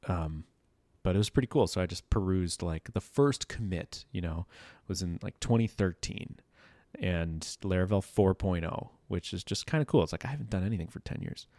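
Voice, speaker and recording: A man's voice: low-pitched, moderate pace, warm tone, dry recording. A man in his thirties talking casually in a loose, rambling monologue, full of "like" and "you know", as a podcast host.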